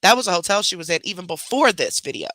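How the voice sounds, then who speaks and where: A host reacting to videos in a casual, chatty way, using slang aimed at viewers. The voice is bright and forceful, recorded dry and close with no room sound. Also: medium pitch, sing-song, fast, no echo. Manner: casual slang, laughs openly, talks to viewers. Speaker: reaction commentator. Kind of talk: casual commentary on played videos.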